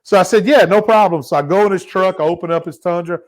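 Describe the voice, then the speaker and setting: A man with a Louisiana accent, hosting a casual chat and telling an animated story, acting out the quotes. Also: high voice, quick pace. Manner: animated anecdote teller, acts out quotes. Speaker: show host.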